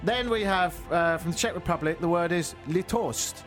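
A twenty-something man from England speaks in a high-pitched, fairly bright voice at normal speed, faint music in the background. As a radio co-host in a casual chat, he jokes around playfully and fumbles foreign words.

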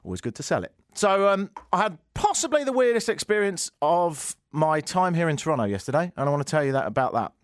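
British male radio host, sarcastic comic monologue, swoops all over his pitch, dry close studio mic. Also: quick pace, hardly any pauses, no echo. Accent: British English. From Britain. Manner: sarcastic, animated, mock-outraged rants. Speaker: radio talk show host. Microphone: studio microphone.

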